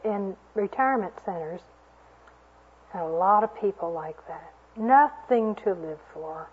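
A woman preaches an earnest sermon to a women's gathering, weaving in stories and homely asides. Her voice is slightly husky and sits at a middle pitch. The recording sounds dull and lo-fi.

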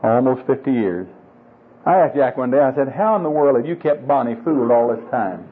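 A man's voice: mid-range voice, animated, fairly quick, a little hiss or hum. An older man preaching a sermon to married men, folksy and humorous, coaxing his listeners along. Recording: tinny lo-fi phone-like sound.

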